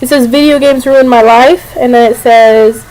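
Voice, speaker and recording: A woman's voice: a little high, fairly even intonation, moderate pace, darkish tone, rough recording. Chatty young woman rambling to camera. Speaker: vlogger. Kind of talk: casual rambling chat to camera. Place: at home. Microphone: camera on a computer.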